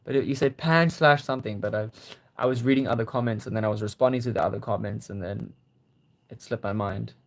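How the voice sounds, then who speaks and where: Gravelly-voiced young man chatting with viewers. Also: fairly low pitch, quick pace. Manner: gentle, encouraging, praising viewers. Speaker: livestream host. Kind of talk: casual live chat reading viewer comments.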